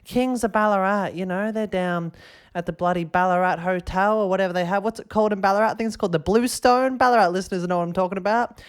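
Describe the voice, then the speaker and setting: Excitable Australian man rambling on a podcast. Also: high voice, quick pace, clean tone. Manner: rambling and excitable, keeps tagging "all right?". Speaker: podcast host. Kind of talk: casual podcast chat.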